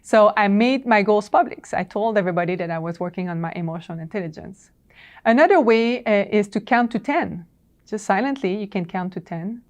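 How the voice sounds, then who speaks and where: A woman's voice: mid-range voice, animated, brisk. A woman presenting a professional training talk. She speaks conversationally with fillers and acts out dialogue from her stories.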